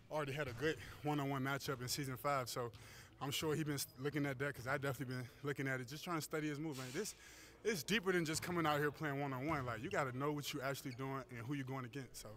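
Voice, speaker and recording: A man's voice: on the high side, a bit bright, slight background noise. A man, a basketball player catching his breath, talking casually with loose slang between games. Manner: casual, laid-back slang.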